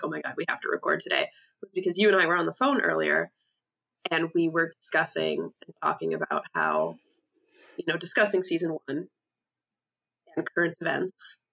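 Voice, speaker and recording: A woman co-host in casual podcast chat, reassuring and reflective. Her voice sits low with a gravelly fry and a sharp, bright edge. The sound comes over a remote call. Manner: reassuring, reflective, quick to laugh.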